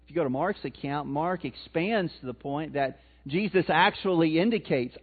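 A man's voice: on the high side, moderate pace, few pauses, husky. A man preaching a sermon in a conversational way, putting questions to his congregation and answering them himself. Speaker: pastor. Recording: tinny phone-like sound.

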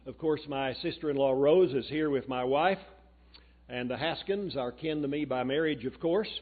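A man's voice: medium pitch, normal speed. A man giving a sermon as a guest preacher, telling a story in a folksy way and reading quotations aloud. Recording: tinny phone-like recording.

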